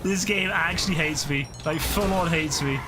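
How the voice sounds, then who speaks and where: A tired man streams a game and talks to himself and the game, his voice fairly high and his speed normal. He sounds frustrated and keeps exclaiming, and his voice is starting to break. Game sounds come through clearly behind him in this live gameplay commentary.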